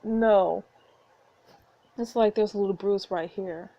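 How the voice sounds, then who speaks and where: A woman voicing a gentle young man who heals and reassures, reading a story game aloud in a soft, reassuring way. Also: mid-range voice, fairly even intonation, slow pace, muffled recording. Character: gentle young male doctor-like healer.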